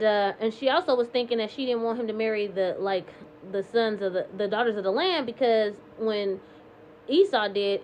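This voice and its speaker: A woman with a fairly high voice retells Bible stories in a relaxed, conversational way, full of "like" and "um". The recording is a little dull and lo-fi, with a faint hiss of ambience behind her. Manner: chatty paraphrase with frequent "like" and "um". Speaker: Bible reading vlogger. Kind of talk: casual retelling of scripture.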